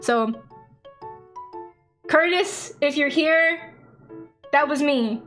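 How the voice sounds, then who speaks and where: A young woman with a high voice streams as a VTuber and chats casually. She is excitable and laughs a lot, and she acts out both sides of the conversations she retells. Faint music plays under her voice. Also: very slow.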